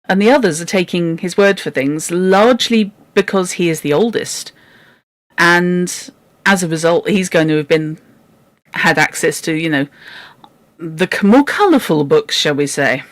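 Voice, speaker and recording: Book club host, chatty and exasperated, mid pitch, dry close sound. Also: lively intonation, unhurried, fairly bright tone, no room sound. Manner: exasperated, chatty, swears in asides. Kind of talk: casual chat and reading aloud.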